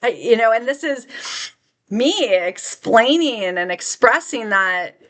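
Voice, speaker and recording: A woman spiritual vlogger telling a personal story to camera in an earnest, heartfelt way. She drifts and restarts, laughs softly, and draws out key words. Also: on the high side, animated, slow pace. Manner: rambling, with restarts and soft laughs.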